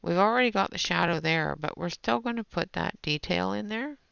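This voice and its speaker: A woman's voice: on the low side, moderate pace, vocal fry, a bit bright, clear, resonant tone, dry recording. A woman hosting a live colouring stream, chatting casually with viewers while she works. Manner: chatty, talks to viewers in chat while working. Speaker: livestream host. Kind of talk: casual livestream chat while demonstrating colouring. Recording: dull lo-fi stream audio.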